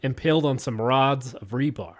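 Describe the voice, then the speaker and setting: A man's voice: mid-range voice, normal speed. A man co-hosting a podcast, chatting in a laid-back, wry way and swearing freely. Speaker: podcast co-host. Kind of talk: casual podcast chat.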